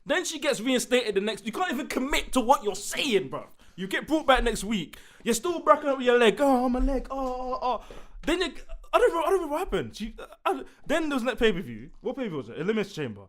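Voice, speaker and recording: Podcast co-host, man, high lively voice, bright tone, rants with impressions. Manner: animated, rants and mimics wrestlers with quick impressions. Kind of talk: casual chat.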